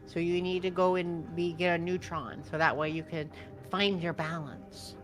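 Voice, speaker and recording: A woman's voice: lowish voice, steady tone, normal speed. A woman co-streaming a game, casually chatting and mock-scolding the chat with playful swearing. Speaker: co-op streaming guest.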